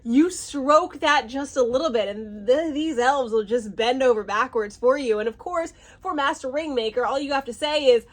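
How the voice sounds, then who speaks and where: A woman giving a casual, animated reaction review, often restarting and stumbling over names. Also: sits high, normal speed, hardly any pauses. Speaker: fantasy series reviewer.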